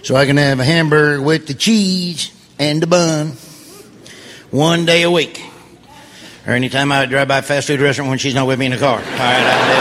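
A man's voice: a little high, bright, forceful tone. A man doing stand-up comedy, with folksy, grumbling, self-mocking delivery. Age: 50s.

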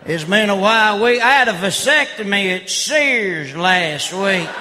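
A man doing loud redneck stand-up comedy, laughing at his own jokes. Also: high-pitched, lively intonation, measured pace. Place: live comedy stage before an audience. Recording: live show with crowd noise.

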